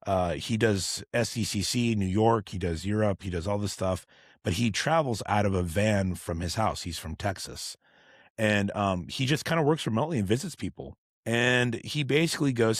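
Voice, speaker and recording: A man's voice: fairly low pitch, moderate pace, no echo, clean studio sound. A man guesting on a podcast, telling long profane stories full of fillers and restarts. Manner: rambling, profane storyteller with many fillers. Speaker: podcast guest, tattoo artist. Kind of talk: casual podcast chat.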